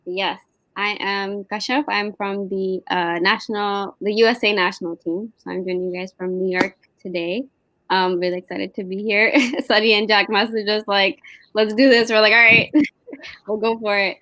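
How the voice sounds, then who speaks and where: A young woman chatting as a guest on a livestream, excited and talkative. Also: mid-range voice, normal speed, no room sound. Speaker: guest panelist. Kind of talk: casual livestream chat.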